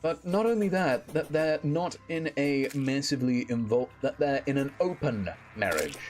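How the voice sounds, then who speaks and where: A man's voice: mid-range voice, expressive, normal speed, over music. A young British man streaming a game, chatting casually with friends and bursting into laughter.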